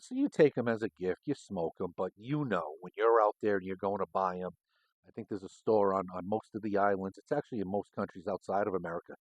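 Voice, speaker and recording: Low-voiced profane middle-aged man. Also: a little mellow, no room sound, dull audio. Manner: profane, rambling and anecdotal. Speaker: cigar show host, former homicide detective. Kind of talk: casual storytelling.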